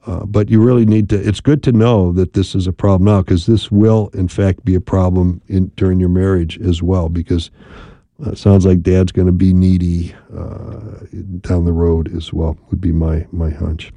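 A calm male radio host gives marriage advice in a low, gravelly voice. His tone is dark and mellow, and the dry studio sound keeps every word close. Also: no room sound. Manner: calm, measured, advising with frequent "right?" checks. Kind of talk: call-in radio advice talk.

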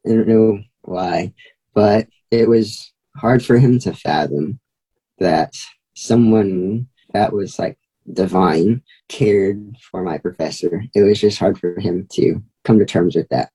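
A man's voice: low voice, slow pace, warm tone, breathy edge, rough recording. A young man telling a story as a guest, chatty, with many fillers. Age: young adult. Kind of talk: casual storytelling.

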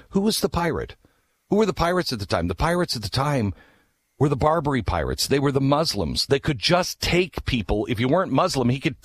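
A man telling a history story with passion, asking rhetorical questions and dropping low for asides before pushing his voice up for key points. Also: no echo. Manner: emphatic, rhetorical questions, swings between low hushed asides and raised urgent lines. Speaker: speaker on history. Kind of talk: impassioned storytelling talk.

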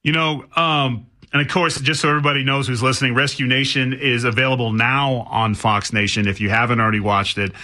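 A male radio host chats casually in a bright, forceful voice. He stumbles and restarts as he asks his questions. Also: medium pitch, flat delivery, a little fast, hardly any pauses. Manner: chatty, stumbling over questions.

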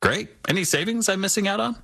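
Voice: medium pitch, animated, quick pace, vocal fry, sharp tone, a little hiss or hum. A customer in a radio ad, asking questions in a casual, upbeat way. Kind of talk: radio ad dialogue.

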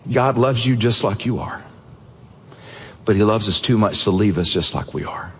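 A man preaches to a congregation in a church sanctuary. He tells a story with earnest feeling and drops softer at tender moments. His husky voice rings out under the long echo of a large hall. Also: medium pitch. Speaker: pastor. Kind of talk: sermon storytelling.

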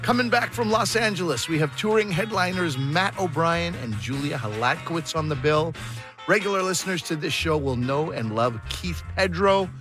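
A man's voice: a little high, animated, normal speed, over music. A man hosting a comedy radio show, reading announcements in an upbeat scripted way. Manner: upbeat promo delivery.

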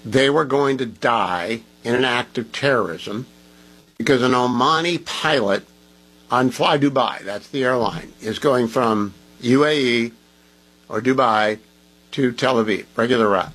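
Radio host man, talk monologue, opinionated and emphatic, mid pitch. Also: unhurried, fairly bright tone, slightly rough, poor audio. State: groggy from medication.

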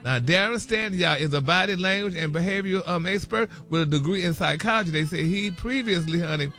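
Older man, high voice, bright tone, dramatic gossip, honey and baby in every line. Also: quick pace, faint music behind. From Southeast Texas. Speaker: co-host reading celebrity gossip. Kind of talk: casual gossip talk show banter.

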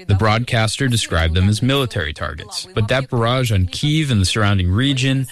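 A man narrating a scripted radio news report in a measured, even tone. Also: on the low side.

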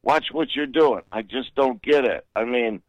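A man's voice: medium pitch, moderate pace, dry recording, lo-fi sound. Indignant man calling into talk radio. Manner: earnest, indignant, insistent. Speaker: caller.

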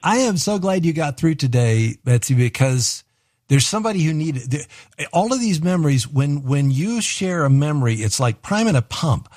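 A man's voice: fairly high pitch, animated, moderate pace, darkish tone, no echo. Male radio host, dry studio sound, encouraging, reflective. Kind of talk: call-in radio show hosting. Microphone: studio microphone.

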